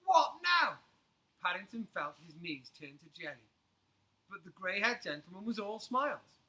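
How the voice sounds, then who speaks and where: A man reading a storybook aloud to children and leading a picnic activity, gentle and sing-song. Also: high voice, expressive, moderate pace, rough recording.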